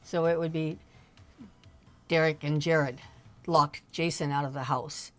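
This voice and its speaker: A middle-aged woman, a mother chatting casually on a livestream, halting and often restarting her sentences. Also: sits low, fairly even intonation, a bit bright, soft background music. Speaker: streamer's mother, guest. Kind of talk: casual family chat on a livestream.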